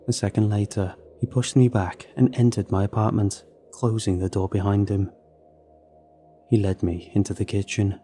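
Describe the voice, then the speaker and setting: Brief: a man with a low, dark voice for measured horror narration over faint music. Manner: measured, low-key storytelling. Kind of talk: scripted horror story narration.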